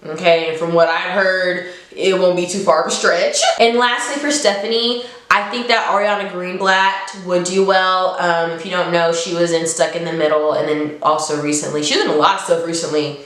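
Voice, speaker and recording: A woman's voice: normal speed, hardly any pauses. Chatty woman in a very echoey room. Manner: chatty, laughs often, voice jumps up in pitch when excited. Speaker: book reviewer. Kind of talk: casual book review vlog.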